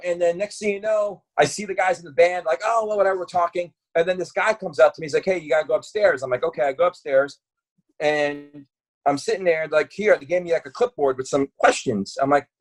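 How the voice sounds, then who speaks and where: A man, telling stories in a casual podcast chat, acting out the voices of the people he quotes. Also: sits high. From Brooklyn, New York. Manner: animated, acts out quoted voices, lots of swearing and fillers. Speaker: podcast guest. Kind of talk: casual storytelling.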